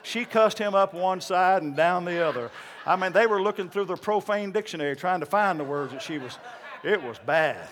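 A male pastor preaching a sermon, telling folksy stories and then climbing into loud, shouted preaching. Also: high-pitched, expressive, normal speed.

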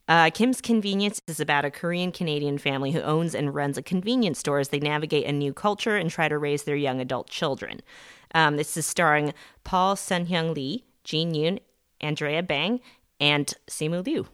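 A woman's voice: low-pitched, moderate pace, a bit bright, smooth, no room sound, studio quality. A woman co-hosting a podcast, leading the casual discussion and explaining background. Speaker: podcast co-host. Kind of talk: casual chat.

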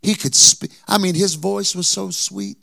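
A man's voice: high-pitched, measured pace, gravelly, dry recording, clean studio sound. A man preaching a sermon as pastor, acting out the people in the story with humor. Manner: preaching with lively acted-out quotes and humor.

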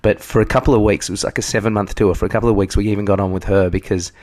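A man's voice: on the low side, steady tone, very fast, a little mellow. A man co-hosting a podcast, chatting casually and teasing his friend. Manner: joking, teasing interjections. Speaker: podcast co-host. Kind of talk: casual banter.

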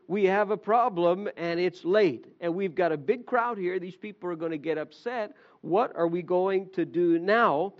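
High-voiced male pastor preaching. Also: lo-fi sound. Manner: animated storytelling, acting out voices of the disciples. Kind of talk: sermon.

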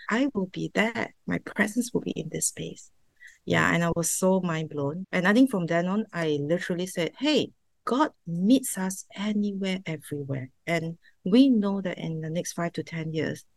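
Brief: low-pitched woman, dry close recording, earnest heartfelt testimony as a podcast guest. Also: no echo. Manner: emotional, heartfelt, sometimes laughing and tearful. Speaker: interview guest, server founder. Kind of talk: personal testimony.

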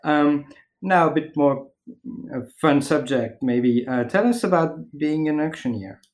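A man's voice: a little high, measured pace, low-quality recording. A man interviewing a guest on a podcast, asking his questions hesitantly with fillers.

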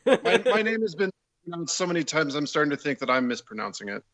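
A man talking as a podcast guest, relaxed and wry. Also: a little high, fast talker, no room sound. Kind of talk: casual chat.

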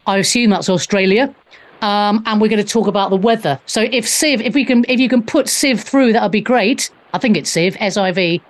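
A woman's voice: mid-range voice, fairly quick. A woman hosting a talk show, chatting casually and animatedly with lots of fillers and restarts. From Wales. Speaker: host.

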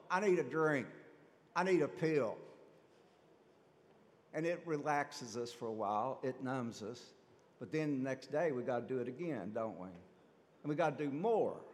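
Animated preacher in a reverberant hall. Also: male voice, on the high side. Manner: animated, rhetorical questions to the congregation. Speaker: pastor. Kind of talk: sermon.

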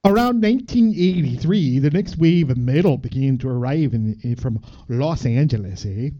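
A man reading aloud haltingly in a put-on Canadian accent, adding "eh" to his sentences. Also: mid-range voice, expressive, natural voice. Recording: dull lo-fi podcast audio.

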